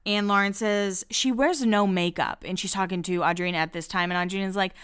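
A woman talking through a gossipy recap in a smooth, resonant voice, her pitch sitting in an ordinary middle range. She is candid and chatty, and she throws in casual swearing like she's talking with a friend. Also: a little fast, few pauses, fairly bright tone. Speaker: podcast host recapping a reality show.

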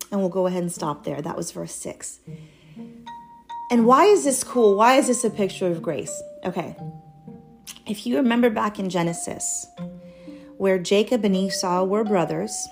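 A young woman giving a casual, earnest devotional Bible teaching, chatty with light laughs between points. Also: medium pitch. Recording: soft guitar music behind.

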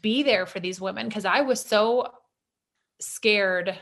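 A woman's voice: medium pitch, slow, a bit bright. A woman speaking as a podcast guest who talks candidly and from the heart in casual conversation.

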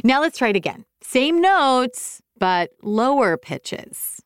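A woman's voice: a little high, very animated, slow. A woman hosting a music lesson for kids, encouraging viewers at home to sing along. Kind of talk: upbeat kids' music lesson.

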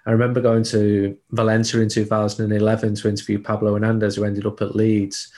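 A man's voice: on the low side, completely flat delivery, quick pace, a little mellow. Chatty football journalist man. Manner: chatty, digressive, frequent restarts. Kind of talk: casual podcast commentary.

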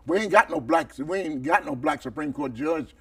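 Male comic guest, husky and blunt, dry room, distant mic. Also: fairly high pitch, expressive, moderate pace, no echo. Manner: blunt, profane, rambling. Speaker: comedian guest. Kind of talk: casual comedic chat.

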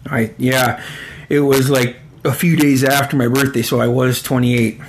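A man's voice: mid-range voice, flat delivery, normal speed, slight background noise. A man in his forties telling a casual story, rambling and swearing often, breaking into laughter. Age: 40s.

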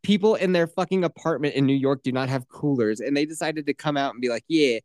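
A man's voice: a little high, fast talker, darkish tone, dry recording. A man co-hosting a casual podcast, cursing freely, talking sarcastically and acting out mocking voices. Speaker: podcast co-host.

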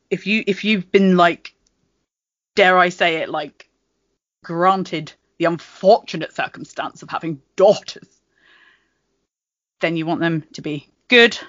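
A woman's voice: on the low side, takes it slowly, long pauses, no room sound, dull audio. A British woman chatting casually on a podcast, rambling and giggly, with frequent laughs and restarts. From Britain. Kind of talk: casual chat.

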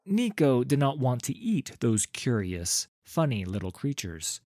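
A man reading a fantasy story aloud as narrator, in a lively, unhurried way. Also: mid-range voice, no room sound, clean studio sound.

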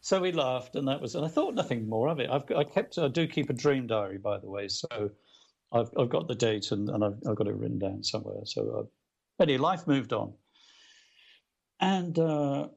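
Speaking at normal speed in a creaky, husky mid-range voice, a middle-aged man appears as a guest author. His storytelling is casual and animated, wandering along with plenty of fillers and false starts.

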